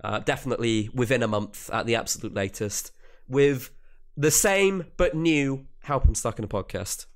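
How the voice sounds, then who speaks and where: A man's voice: medium pitch, animated, normal speed. A young man co-hosting a podcast in casual chat, rambling and restarting his sentences. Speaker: podcast co-host.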